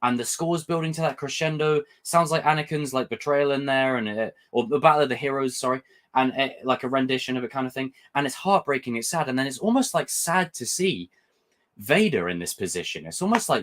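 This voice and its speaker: An excitable young man hosting a casual review stream. He rambles and swears freely as he talks his way through his thoughts, restarting sentences when he gets carried away. His voice sits at an ordinary, middle pitch. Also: a little fast. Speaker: host.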